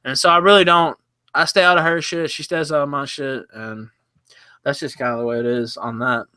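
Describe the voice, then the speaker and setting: A man's voice: mid-range voice, fairly even intonation, brisk, sharp tone, clean tone, no room sound. A man being interviewed, telling his side at length in a candid, rambling way with many restarts. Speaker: interview guest. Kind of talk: casual interview talk.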